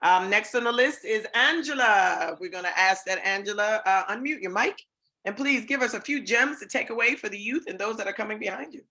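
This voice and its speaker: A woman's voice: mid-range voice, fairly quick, bright, forceful tone. A woman hosting an online awards show, enthusiastic and chatty, with many fillers. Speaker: host.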